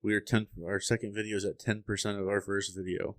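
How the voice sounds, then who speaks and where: Young guy podcasting, lowish voice, dry close sound, rambles n swears a lot. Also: quick pace, no echo. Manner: animated storyteller, swears, acts out quotes. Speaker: podcast co-host. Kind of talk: casual chat.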